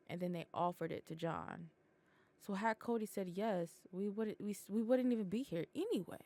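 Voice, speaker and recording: A woman in casual podcast chat, blunt and animated, cursing freely. Her voice sits at an ordinary middle pitch. The recording is close and dry. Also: moderate pace, no echo. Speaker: podcast co-host.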